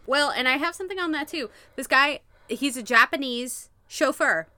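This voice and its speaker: A woman co-hosting a casual podcast, animated and laughing often, swearing freely as she recaps an old sitcom. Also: sits high, normal speed, no room sound. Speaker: podcast co-host.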